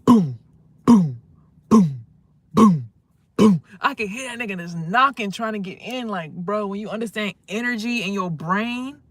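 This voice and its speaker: A woman hosting a livestream in casual talk, giving spiritual advice in a loud, emphatic, profane and preachy way. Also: mid-range voice, moderate pace, hardly any pauses, no echo. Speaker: livestream host.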